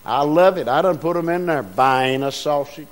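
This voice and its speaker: A man's voice: fairly high pitch, moderate pace. A man preaching a sermon as pastor, folksy and rousing, calling out to the congregation. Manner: folksy, call-and-response preaching with rising bursts.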